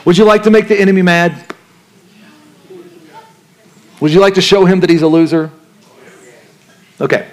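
This male pastor has a high voice, speaks at normal speed, and leaves long pauses. He preaches conversationally, asking the crowd questions and dramatizing the voices inside people's heads.

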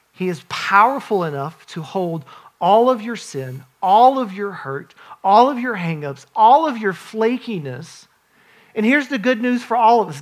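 A man's voice: sits high, a bit bright. A man in his forties, a pastor, preaching an earnest, conversational sermon with frequent restarts and asides.

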